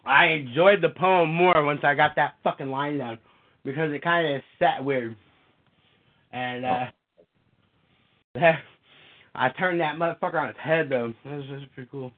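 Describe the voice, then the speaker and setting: A man hosting a show, swearing and laughing as he chats and reads his own dark poetry. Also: a little high, normal speed, long pauses. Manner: profane, laughing, rambling. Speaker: podcast host and poet. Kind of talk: casual chat and poetry reading. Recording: tinny phone-like sound.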